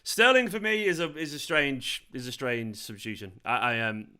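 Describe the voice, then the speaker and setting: A man's voice: mid-range voice, moderate pace, pushed and bright, clear, resonant tone. A man hosting a live football watchalong, tired and hungover, frustrated and swearing as he answers his chat. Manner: frustrated, swears often, talks back to chat. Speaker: fan channel host.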